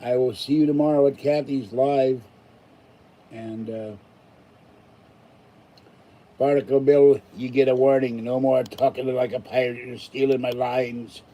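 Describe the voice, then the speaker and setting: Tired older man with a dark voice. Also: medium pitch, fairly even intonation, unhurried, pauses often, low-quality recording. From Pittsburgh, USA. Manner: rambling, grumbling asides. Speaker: channel host. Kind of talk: casual live stream sign-off chat.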